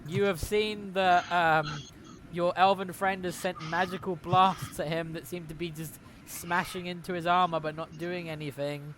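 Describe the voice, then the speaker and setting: A man runs a tabletop game in a loose, rambling way, often stopping to correct himself. His voice sits a little high for a man. A clear layer of noise runs under the recording. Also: steady tone, moderate pace, fairly bright tone. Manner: rambling, chatty, self-correcting. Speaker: game master. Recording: noisy recording.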